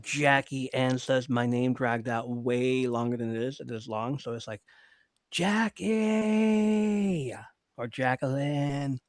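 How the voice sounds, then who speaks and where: A man's voice: medium pitch, unhurried, few pauses, clear, resonant tone, no echo, clean studio sound. Profane storytelling podcast host, man. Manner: profane, animated retelling of family stories; reads viewer chat comments aloud. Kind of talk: casual storytelling chat on a live show.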